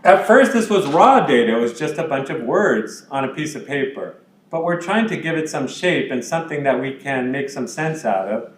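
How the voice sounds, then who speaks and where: A man's voice: mid-range voice, lively intonation, normal speed, echoey room, a little hiss or hum, poor audio. A man teaching a college class, explaining in a conversational way with everyday examples and asides. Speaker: college instructor. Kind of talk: lecture.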